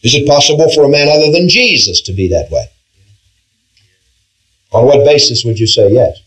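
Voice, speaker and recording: A man teaches an interactive Bible class in a mid-range, slightly bright voice, animated and at a moderate pace. He questions his group, stresses key words, and keeps restarting and saying "all right." The recording quality is low.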